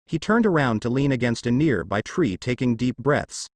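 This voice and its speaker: A man narrating a fan story, his pitch swinging with lively ups and downs as he reads. The sound is dry and close with no room around it. His voice sits at an everyday middle pitch. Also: normal speed, no echo.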